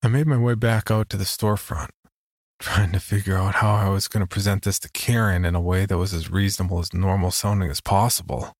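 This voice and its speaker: A man reading a first-person horror story in a measured, low-key scripted narration. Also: fairly even intonation, no room sound, studio quality.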